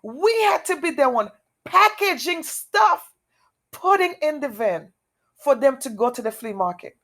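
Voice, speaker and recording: A woman tells her own testimony in a fairly high voice, unhurried and deliberate. Her speech is halting and repetitive, circling back to key phrases with earnest intensity. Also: very animated, a bit bright. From outside America. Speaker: testimony speaker. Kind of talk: emotional personal testimony.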